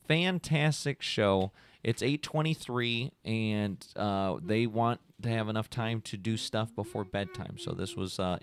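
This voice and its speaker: A man's voice: medium pitch, fairly bright tone, slight background noise. A man hosting a podcast, chatting casually and rambling a little, with plenty of "like"s and "you know"s, on a podcast microphone. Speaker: podcast host. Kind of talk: casual chat.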